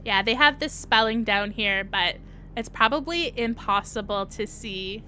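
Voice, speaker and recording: A woman's voice: a little high, unhurried, pushed and bright, slight background noise. A young woman hosting a casual livestream, chatting and answering viewers' comments as she goes. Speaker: livestream host.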